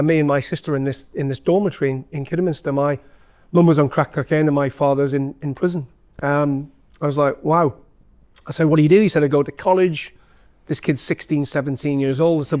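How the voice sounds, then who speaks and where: A man's voice: on the high side, a little mellow. A man with a Geordie accent, a former company chief, giving a chatty, self-deprecating talk full of stories to a room of people. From North East England. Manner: chatty, self-deprecating storyteller with many fillers. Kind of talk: live anecdotal talk to an audience. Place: event room with an audience.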